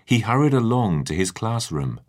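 A man with a fairly low voice narrates a children's storybook at normal speed, lively and expressive.

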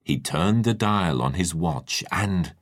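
Slow, deep, expressive man reading a storybook. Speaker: narrator.

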